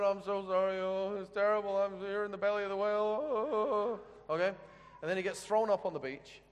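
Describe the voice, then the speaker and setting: Male preacher with a high voice, joking and conversational, recorded with a long hall echo. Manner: humorous, chatty storytelling with questions to the audience. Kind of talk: sermon. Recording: echoey hall reverb.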